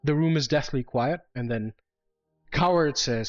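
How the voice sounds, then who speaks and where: A man narrating as game master in a halting way, full of fillers and restarts, in a dull lo-fi recording. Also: on the high side, animated, soft background music.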